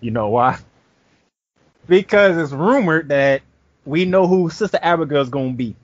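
A man hosting a podcast, talking in a lively, animated way and plugging his shows. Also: fairly high pitch, unhurried, no echo, dull audio. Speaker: podcast host. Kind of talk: casual podcast chat.

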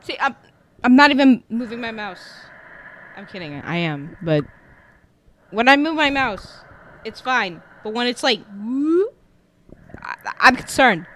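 A woman hosting a gaming video, giving loud, jumpy commentary as she plays, swearing and laughing at the scares. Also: a little high, animated, a little slow, pauses often, a little hiss or hum. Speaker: gaming channel host. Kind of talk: reactive let's-play commentary.

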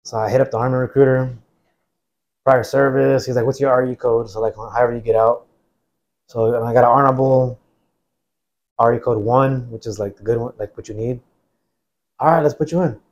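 This American veteran in his forties talks a little fast in a mid-range voice, pausing often, and the audio is lo-fi. He's a guest telling his story casually, relaxed and rambling, leaning on "like" constantly and acting out what other people said.

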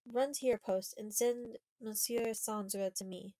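A woman's voice: a little high, fairly even intonation, measured pace, warm tone, rough recording. A woman reading the part of a brave fourteen-year-old girl who urgently gives orders. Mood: angry.

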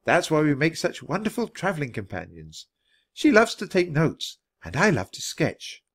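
A man voicing a brisk, cheerful young woman chatting about her travel companion. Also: a little high, huge pitch swings, fairly bright tone, breathy edge, pitched above the performer's own voice, full character voice.

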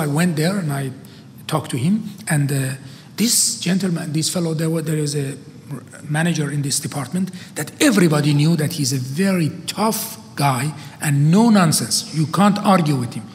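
Brief: male lecturer, high pitch, lively storyteller, faint hiss, long hall reverb. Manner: animated, with halting restarts. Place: conference hall.

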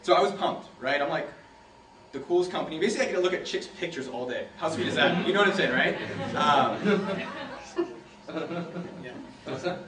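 A man's voice: a little high, normal speed, pauses often, a bit bright. A young man from San Jose telling loose, joking stories to a room of students, laughing often and swearing freely. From San Jose, California. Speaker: speaker giving a talk to students. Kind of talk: casual storytelling talk. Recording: roomy, from a distance, faint hiss.

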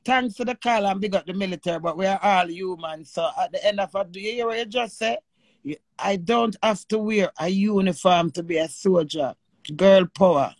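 A woman with a Jamaican accent hosting a live stream with callers. She is animated and emotional, and swears freely in patois. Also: mid-range voice, normal speed, no echo.

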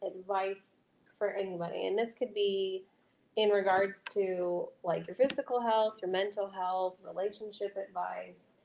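Woman, podcast host, lively chatty talk, echoey room. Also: mid-range voice, normal speed, creaky, dull audio, slight background noise. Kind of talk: casual interview chat.

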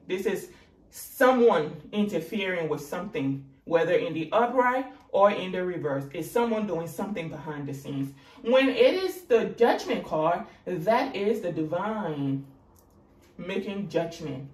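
A woman with a West African accent giving a casual, sassy tarot reading, with big swings in pitch as she talks. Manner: sassy and animated, with big swoops in pitch and laughter. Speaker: tarot reader. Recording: roomy, distant mic with faint noise.

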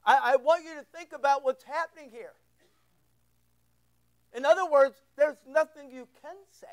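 High-voiced middle-aged male pastor preaching. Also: normal speed, low-quality recording. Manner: conversational, repeats words, asks the room questions. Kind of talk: sermon. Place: church.

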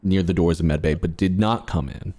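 A man's voice: sits low, brisk, background noise. A man streaming a social deduction game with friends, chatting casually, rambling and cursing as he explains what he saw. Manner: swearing, rambling, jokey asides to chat. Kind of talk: casual gaming chat.

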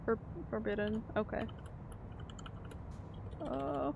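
A woman's voice: mid-range voice, animated, slow, vocal fry, noisy background. A woman streaming a video game, chatting casually, laughing often and answering her chat. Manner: chatty, giggly, reads chat aloud.

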